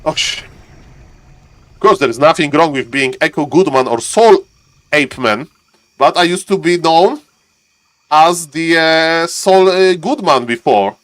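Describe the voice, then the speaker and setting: This esports caster streams live commentary, talking calmly to viewers before erupting into repeated, high-pitched shouts as things heat up. His delivery is unhurried, with long pauses.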